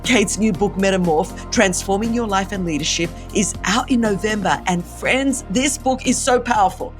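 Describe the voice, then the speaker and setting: Enthusiastic Australian woman, podcast host, chatty interview tone, clear music bed. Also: medium pitch, normal speed. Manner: enthusiastic, gushing. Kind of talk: casual interview chat.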